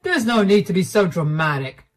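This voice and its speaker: A woman's voice: lowish voice, animated, normal speed, faint music behind. A woman voicing a cold, dismissive middle-aged husband who talks down to his wife curtly. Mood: condescending. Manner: condescending, curt and dismissive. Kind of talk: storytelling dialogue.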